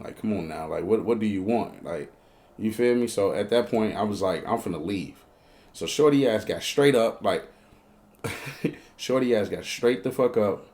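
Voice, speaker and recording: Slangy Chicago man telling a wild story. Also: warm tone. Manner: slangy and profane, acting out both sides of the dialogue; breaks into high, squeaky outbursts when telling panicked moments. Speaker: storyteller host. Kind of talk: casual comedic storytelling.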